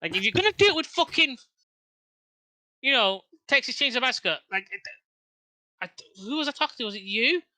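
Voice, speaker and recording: Extremely high-pitched and expressive, this man talks fairly quickly but pauses often, his tone sharp and the recording free of room sound. As co-host of a casual wrestling podcast, he rambles, restarts his sentences often, and swears and uses fillers a lot.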